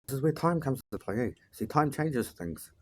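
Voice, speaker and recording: A man's voice: mid-range voice, expressive, a little fast, a little mellow, a little hiss or hum. A man, a life coach talking bluntly and profanely in a casual motivational monologue, ending his sentences with "eh".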